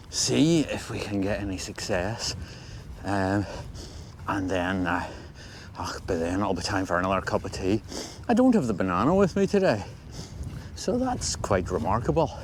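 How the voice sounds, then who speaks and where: A man's voice: lowish voice, darkish tone. An older Scottish man talking casually to the camera as he walks across a windy moor, rambling and dryly humorous. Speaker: angling vlogger. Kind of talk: casual walking commentary. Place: outdoors on a windy moor by a loch.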